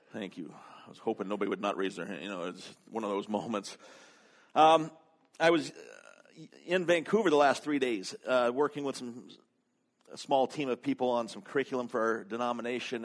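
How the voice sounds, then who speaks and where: A man's voice: medium pitch, normal speed, pauses often. A man preaching a sermon, telling a story conversationally, with humor and frequent fillers. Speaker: pastor.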